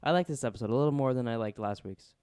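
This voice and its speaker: A man's voice: mid-range voice, a little mellow, smooth, dry recording, clean studio sound. A man co-hosting a casual podcast, recapping a TV episode in a chatty way and acting out quotes. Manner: quick, chatty, many restarts, acts out quotes. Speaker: podcast co-host.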